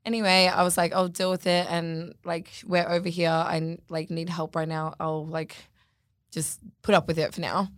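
A woman's voice: on the low side, normal speed, no room sound, clean studio sound. A young woman telling a story in casual chat, rambling and leaning on "like" as she relives it. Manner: rambling, heavy use of "like", animated retelling.

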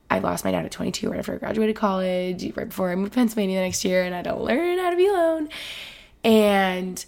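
A woman's voice: on the low side, gravelly. A woman in her twenties hosting a casual solo podcast, rambling and emotional, with lots of "like". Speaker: podcast host.

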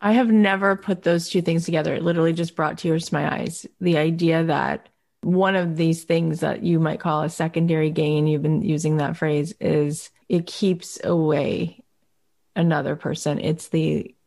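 Low-voiced woman host, open and rambling. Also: flat delivery, moderate pace, gravelly, darkish tone. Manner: open and emotional, rambling with many "like"s. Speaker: podcast host. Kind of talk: conversational interview.

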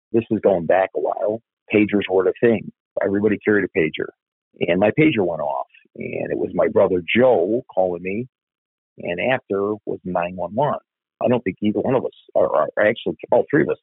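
A man's voice: sits low, husky, dry recording. An older man, a former cop telling a story bluntly, with some swearing. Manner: blunt, profane. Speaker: retired police officer. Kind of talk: storytelling interview. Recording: tinny phone-like line.

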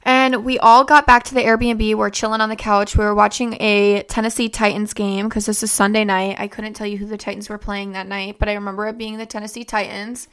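Bright, clear-voiced young woman storytelling. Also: medium pitch, level tone, a little fast, few pauses. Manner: rambling and conversational, with many fillers and restarts. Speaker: vlogger. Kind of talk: casual personal storytelling.

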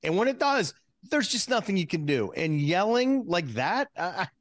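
A man co-hosting a podcast in casual chat, talkative and quick to laugh. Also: high-pitched, sing-song, fairly bright tone, no room sound. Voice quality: laughs easily, chatty. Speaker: podcast co-host.

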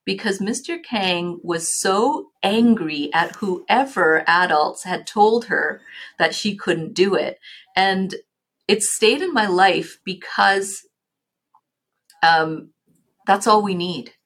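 A woman's voice: medium pitch, slow pace, fairly bright tone. A middle-aged woman from Canada, a guest on an interview podcast, recalling stories reflectively with frequent restarts and fillers. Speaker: guest, nonprofit leader. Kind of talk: reflective storytelling.

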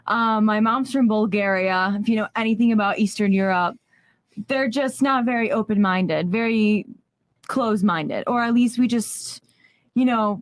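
A woman's voice: medium pitch, no room sound. A woman speaking as a podcast guest, candid and a little hesitant. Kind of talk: casual podcast conversation.

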